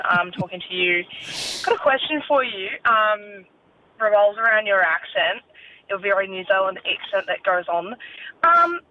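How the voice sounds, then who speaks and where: A woman calling a podcast hotline, chatty and teasing, giggling as she leaves her message. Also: medium pitch. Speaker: caller. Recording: tinny phone line.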